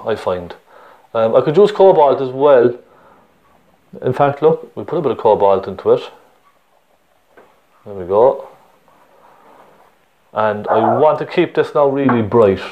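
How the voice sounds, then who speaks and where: A man's voice: mid-range voice, mellow, lo-fi sound. A man with a Cork Irish accent teaching a painting lesson step by step, chatty and encouraging, often checking in with the viewer.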